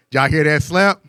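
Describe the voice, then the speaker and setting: Man bantering playfully with the crowd. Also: fairly high pitch. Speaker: comedian. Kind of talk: stand-up comedy.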